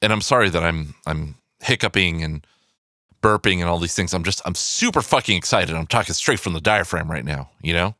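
A man in his thirties hosting a podcast, talking in an excitable, rambling way, swearing a lot and going off on asides. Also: deep voice, brisk, no room sound, clean studio sound. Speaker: podcast host. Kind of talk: casual podcast monologue. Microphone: podcast microphone.

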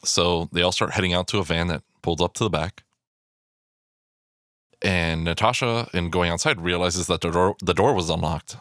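Low-voiced man rambling about a film. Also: normal speed, fairly bright tone, dry recording, studio quality. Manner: rambling and profane, many fillers and restarts. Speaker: film commentator. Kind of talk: casual film commentary.

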